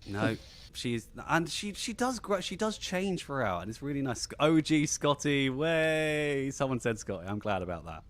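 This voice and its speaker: A man with a slightly posh southern English accent chats on a live stream, his pitch leaping up and down with lively energy. He rambles and often restarts his sentences in a loose, friendly host's patter. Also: moderate pace. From England. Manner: animated and rambling, many restarts. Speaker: podcast host. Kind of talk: casual live-stream chat.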